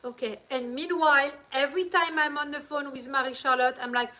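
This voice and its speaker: A woman's voice: high voice, fairly even intonation, brisk, sharp tone, rough recording. A woman from France with a French accent, hosting a live stream and telling rambling, chatty stories into her handheld phone. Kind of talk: casual live-stream chat.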